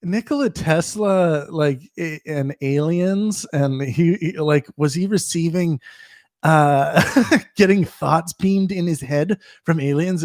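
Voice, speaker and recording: A man's voice: a little high, a little mellow, no room sound, clean studio sound. Rambling man hosting a livestream Q&A. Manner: rambling, with frequent restarts and chuckles. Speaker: host answering viewer questions. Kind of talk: casual livestream Q&A.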